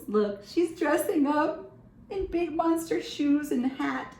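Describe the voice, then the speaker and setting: A woman's voice: high-pitched, measured pace. Playful sing-song storytime woman. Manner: playful, sing-song, animated with silly sounds. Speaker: children's storytime host. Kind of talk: reading a picture book aloud to kids. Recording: echoey room.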